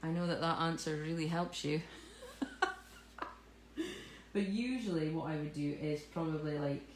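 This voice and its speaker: A woman with a lower voice runs a live cake tutorial, chatting and joking at her own expense as she works. Her voice rings in a roomy studio with faint ambience in the background. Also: unhurried, slight background noise. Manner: jokey, self-mocking, chatty. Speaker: cake decorating instructor. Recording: echoey room with faint ambience.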